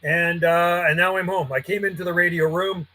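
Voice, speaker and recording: A man's voice: sits high, steady tone, normal speed, bright, forceful tone, low-quality recording. A man, a friendly and chatty CB radio operator calling out call signs from his home radio room. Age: 50s. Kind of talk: casual radio calls and chat.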